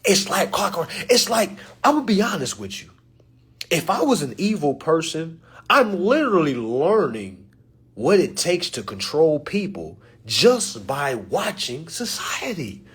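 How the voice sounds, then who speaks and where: A man ranting to camera in an animated, joking way, loud and slangy, calling out to his viewers. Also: fairly high pitch, measured pace, husky.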